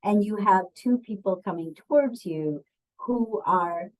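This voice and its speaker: A woman's voice: mid-range voice, measured pace, a little mellow, poor audio. A woman presenting a webinar on bias, talking in a conversational way with frequent ums and putting questions to her audience. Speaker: diversity and bias trainer.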